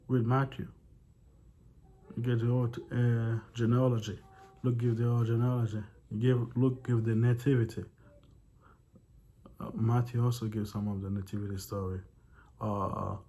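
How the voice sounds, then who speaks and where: A man with a warm, medium-pitched voice hosts a Bible study series, reading a book aloud with running commentary. Between passages he mocks the text, laughing and sighing.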